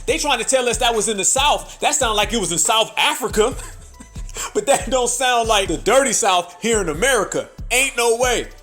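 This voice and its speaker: A man with a strikingly high voice delivers a heated social commentary rant. He talks in an emphatic, sing-song way and circles back to mocking repeated phrases. Faint music plays under him. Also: expressive, moderate pace, bright, forceful tone. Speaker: commentary channel host.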